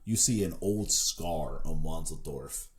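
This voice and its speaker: A man's voice: a bass voice, unhurried. A man running a tabletop game as game master, narrating scenes in a laid-back way with frequent chuckles.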